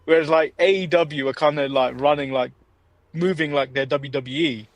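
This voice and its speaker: A man's voice: fairly high pitch, steady tone, normal speed, no echo. A man with an English accent co-hosting a casual wrestling chat show, laughing often and rambling. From England. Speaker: podcast co-host.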